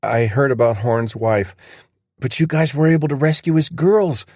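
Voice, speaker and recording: A man voicing a wounded young male soldier who cracks jokes and talks excitably. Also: mid-range voice, moderate pace, no echo, studio quality, pitched above the performer's own voice, close to an everyday voice. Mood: joking, eager. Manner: wisecracking and excitable.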